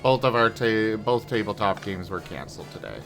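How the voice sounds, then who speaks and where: A male streamer with a lowish voice, chatting in a relaxed way with his co-hosts. He teases them playfully and handles scheduling in an offhand tone. Clear game music plays behind him. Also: normal speed. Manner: relaxed, playful, chanting teasing lines. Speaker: streamer host. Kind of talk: casual gaming stream chat.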